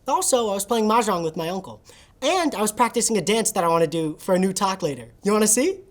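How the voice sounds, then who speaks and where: A woman's voice: medium pitch, animated, quick pace, lightly acted. A woman playing a nonchalant, scheming young male assistant who talks offhandedly over a video call in a comedy sketch.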